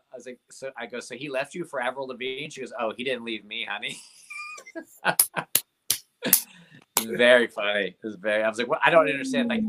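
Bright-voiced man telling stage stories. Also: mid-range voice. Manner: rambling, lots of "like" and fillers. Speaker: comedian guest. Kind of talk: casual storytelling interview.

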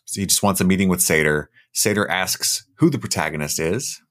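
A man's voice: low voice, a little fast, fairly bright tone. A young man co-hosting a podcast, casually recapping a film scene by scene and tossing in joking voices for the characters. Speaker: podcast co-host.

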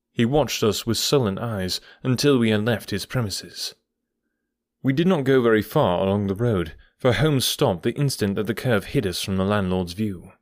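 A man narrates a classic story for an audiobook in a measured, storytelling manner. His voice is on the low side and the recording is dry and close, with no room sound. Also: no echo. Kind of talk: scripted narration.

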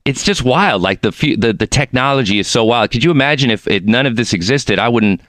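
A man's voice: medium pitch, animated, a little fast, fairly bright tone, no room sound, studio quality. A man in his forties, from Mexico, hosting a casual podcast interview in a chatty, rambling way with many restarts. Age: 40s. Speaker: podcast host. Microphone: podcast mic.

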